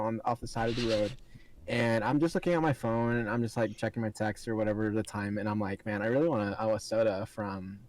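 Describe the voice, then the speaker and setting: A man's voice: fairly low pitch, low-quality recording. Young man telling a story with laughs. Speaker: podcast co-host. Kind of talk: casual storytelling.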